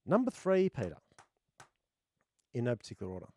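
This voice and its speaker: A man co-hosting a gaming podcast, trading casual, jokey banter. His pitch swings widely as he talks, and his voice is a little rough from laughing. The sound is dry and close, with little room. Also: wildly swooping pitch, a little fast, mellow, dry recording. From Australia. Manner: jokey, laughs often, bloke-ish banter. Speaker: podcast co-host. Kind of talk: casual chat.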